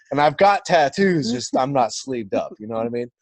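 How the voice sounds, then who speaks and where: A man's voice: mid-range voice, expressive, measured pace, a little mellow, no echo. A young man with a Californian accent, telling a profane, blunt story in casual podcast chat. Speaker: podcast guest.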